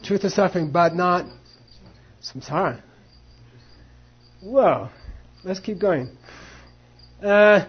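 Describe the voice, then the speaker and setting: A man's voice: sits high, lively intonation, takes it slowly, long pauses, husky, lo-fi sound. A man teaching a class on monastic debate, acting out both sides and mixing in Tibetan phrases. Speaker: Buddhist philosophy teacher.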